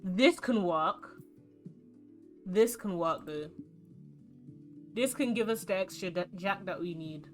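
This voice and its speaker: A young London-accented woman streams a card game, speaking at medium pitch and a slow pace with long pauses, soft music in the background. Her talk is chatty and rambling, full of animated storytelling.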